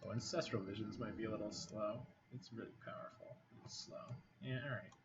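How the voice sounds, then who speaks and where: A man's voice: on the low side, steady tone, a little fast. A man giving casual commentary over a card game, thinking aloud with a wry, muttering manner. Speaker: game streamer. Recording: slightly dull home mic with faint noise.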